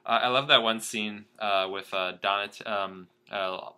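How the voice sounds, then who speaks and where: A man's voice: lowish voice, steady tone, moderate pace, sharp tone, clear, resonant tone. A young man co-hosting a podcast, chatting casually and sarcastically about a movie, rambling with lots of fillers. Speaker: podcast co-host. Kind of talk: casual movie-review chat.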